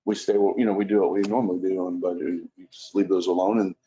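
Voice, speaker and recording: Deep, warm male official, halting delivery; dull lo-fi council recording. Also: level tone. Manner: hesitant, many ums and restarts. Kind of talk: public meeting discussion. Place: commission room at city hall. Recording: muffled lo-fi meeting recording.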